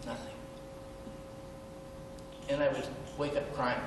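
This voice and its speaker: A middle-aged man tells a personal story at a benefit event, earnest and self-deprecating, with hesitant ums. His mid-range voice is flat and slow. The large hall echoes, the mic is far off, and there's faint background noise.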